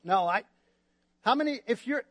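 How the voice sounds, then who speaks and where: A male pastor preaches with a bright, high voice, joking and calling for amens from the congregation. The sound is dry and close, with little room echo. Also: moderate pace. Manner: lively, joking, asks the crowd for responses. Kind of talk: sermon. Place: church.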